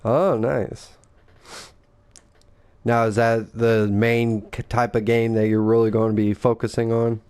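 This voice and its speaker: A man's voice: medium pitch, level tone, a little slow, long pauses, darkish tone, clean tone. A man and father, co-hosting a casual gaming chat, rambling and profane, acting out the lines people said. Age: adult father. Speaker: gaming podcast co-host.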